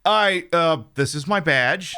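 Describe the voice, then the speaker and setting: A woman's voice: deep voice, slow, pushed and bright, faint music behind, voice pushed down, exaggerated voice. A woman voicing a nervous young male lawyer who stammers and hesitates. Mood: flustered.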